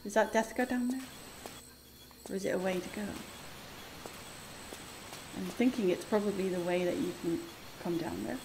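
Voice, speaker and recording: A woman with a medium-pitched, steady voice streams a video game at a moderate pace, with vocal fry and frequent pauses. She chats casually, talks to the game and its creatures, and laughs often in this let's-play commentary. Background noise is audible in the recording.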